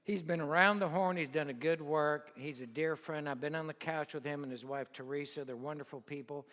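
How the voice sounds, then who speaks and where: A man's voice: fairly high pitch, brisk, fairly bright tone. Blunt, folksy older man in a hall. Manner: blunt, folksy, joking, talks straight at the crowd. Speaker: luncheon emcee introducing the guest speaker. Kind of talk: casual announcements and personal storytelling. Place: luncheon hall. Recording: long reverb of a large hall.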